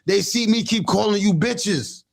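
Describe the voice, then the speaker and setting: A man with a high, gravelly voice speaks straight to his livestream audience. His talk is blunt and full of swearing, and he keeps stopping, restarting and repeating himself. He comes across as a father working through his own guilt in a loose street-talk monologue. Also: measured pace. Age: adult father. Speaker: livestream host giving parenting talk. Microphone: livestream setup.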